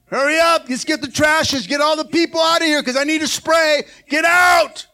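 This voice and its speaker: A man playing a hurried, bossy church volunteer who barks orders impatiently. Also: very high-pitched, sharp tone, raised voice, pitched above the performer's own voice.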